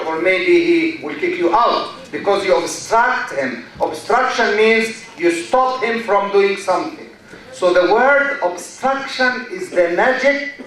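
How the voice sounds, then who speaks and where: A man's voice: sits high, fairly bright tone. A man lecturing a university class, asking the students questions, answering them himself and repeating key phrases. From Egypt. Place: large university lecture hall. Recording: very echoey lecture hall, mic far off.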